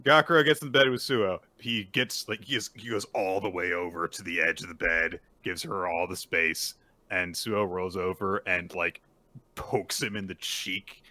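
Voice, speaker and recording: A man casually recapping a manga chapter on a podcast, animated and playfully acting out the characters in quick silly voices. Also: deep voice. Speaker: podcast co-host.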